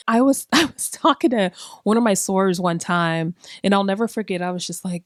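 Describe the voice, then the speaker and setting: This forties-aged podcast host talks a little fast in a mid-range voice, recorded in clean studio sound without any room tone. Her comedic monologue is casual and profane, full of rhetorical questions and frequent self-directed laughter.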